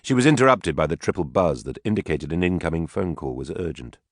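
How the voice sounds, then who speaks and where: A man narrates a science fiction audiobook with steady, measured storytelling. His voice sits low and is recorded close and dry, with no trace of room sound. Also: no echo. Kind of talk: scripted narration.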